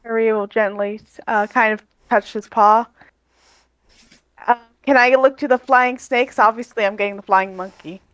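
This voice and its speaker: A woman's voice: on the high side, fairly even intonation, moderate pace, a bit bright, no room sound, rough recording. A woman playing a tabletop game, eager and chatty, hesitating as she describes her character's actions. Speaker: player. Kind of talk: tabletop game play, casual chat.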